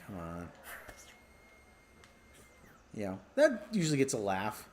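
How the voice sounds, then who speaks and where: Rambling man with a lively, swinging voice. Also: lowish voice, takes it slowly. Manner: musing, self-interrupting, clears throat often. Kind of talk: rambling stand-up comedy monologue.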